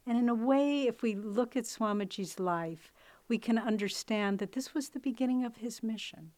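A woman spiritual teacher speaks to a gathering in a relaxed storytelling way. She slips into quoted voices and lets her emphasis sink into soft, low endings. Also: moderate pace. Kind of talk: informal spiritual talk.

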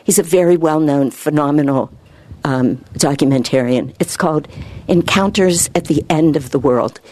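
A woman giving an informal spiritual talk, earnest and rambling, her voice lifting higher when she gets excited. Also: normal speed. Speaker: spiritual speaker.

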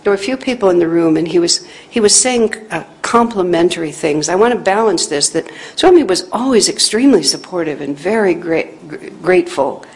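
A woman teacher telling a personal spiritual story in an earnest, reflective way, growing animated when she quotes others. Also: lowish voice, brisk, few pauses, low-quality recording. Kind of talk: storytelling talk.

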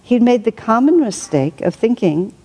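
A woman reading aloud from a spiritual book and adding her own reflective commentary, thinking aloud with soft laughs. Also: a little high, big pitch swings, moderate pace, breathy edge, rough recording.

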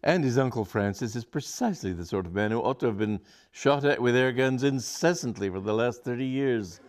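A man voicing a sanctimonious, scheming young gentleman in a read-aloud comic story, theatrical and preachy. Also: mid-range voice, a little fast, pitched above the performer's own voice, lightly acted. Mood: agreeable.

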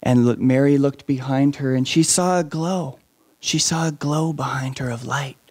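A man telling a story to children, animated and asking the listeners questions along the way. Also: medium pitch, normal speed.

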